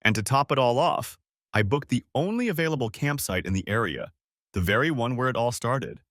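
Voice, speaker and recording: A man playing a guarded middle-aged husband, harsh and curt, lively pitch. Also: fairly quick, no room sound, studio quality. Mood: bitter.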